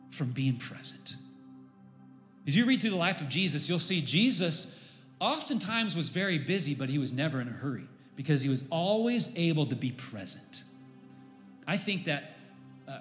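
A man's voice: on the high side, fairly bright tone. A middle-aged man, a pastor, preaching a conversational sermon full of candid personal stories. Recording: roomy hall with faint music.

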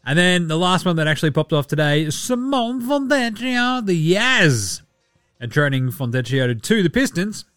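A man hosting a casual sports podcast, joking and swearing as he runs through the news and now and then slips into quick mock voices for the people he talks about. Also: a little high, lively intonation, a bit bright, no echo, clean studio sound. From Australia. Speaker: podcast host.

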